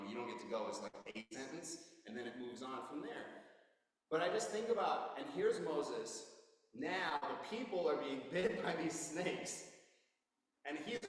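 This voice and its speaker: Male pastor, sermon, lively pitch, casual storytelling, distant mic, long hall reverb. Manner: animated storytelling, retells scripture in casual modern speech. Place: church sanctuary. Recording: roomy echo from far off.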